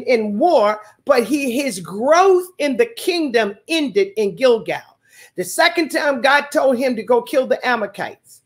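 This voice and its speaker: A woman preacher giving a sermon, repeating phrases and calling out hallelujahs to the congregation. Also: high-pitched.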